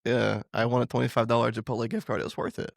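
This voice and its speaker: A young man co-hosting a casual podcast who jokes a lot and tells stories with energy. His voice is medium-pitched and recorded dry and close. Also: fast, creaky, no echo. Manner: joking, animated storyteller. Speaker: podcast co-host.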